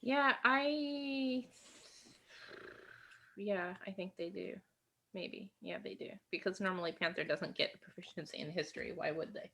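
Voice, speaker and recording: A woman's voice: fairly low pitch, fairly even intonation, brisk, vocal fry, noisy background. A woman playing a tabletop game, chatty and thinking aloud about her moves. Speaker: player. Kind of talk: casual play at a tabletop game.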